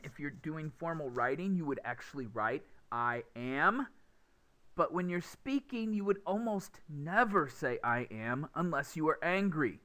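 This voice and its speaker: A man teaching English pronunciation in a lecture, speaking deliberately and acting out stressed and unstressed words as examples. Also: fairly high pitch, pushed and bright. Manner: slow, deliberate, demonstrative stress and pauses. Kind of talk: classroom lecture.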